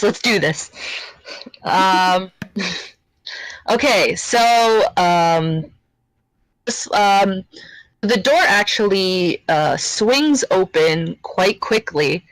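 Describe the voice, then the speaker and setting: Slow, low-voiced woman player. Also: a bit bright, no echo, rough recording. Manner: hesitant, many fillers. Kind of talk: describing her character in a tabletop game.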